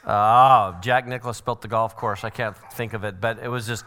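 A middle-aged man giving a church parenting seminar, animated and joking, often acting out what other people say. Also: lowish voice, normal speed. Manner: animated, acts out quoted voices. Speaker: seminar speaker.

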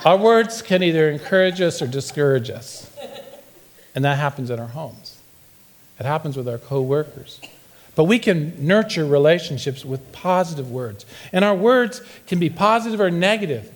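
This middle-aged pastor speaks at normal speed in an animated, higher-pitched voice. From the church sanctuary, he gives a funny sermon built on playful stories and performed quotations.

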